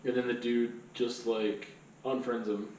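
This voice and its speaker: A man's voice: mid-range voice, level tone, a little slow, darkish tone, roomy sound, far from the mic, a little hiss or hum, low-quality recording. A man vlogging in a rambling, casual monologue full of fillers and loose asides.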